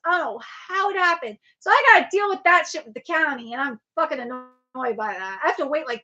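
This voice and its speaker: A woman's voice: high voice, sharp tone. A young woman hosting a casual livestream from her home desk on a webcam, rambling and swearing as she repeats herself. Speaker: livestream host. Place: home room with laptop at a desk.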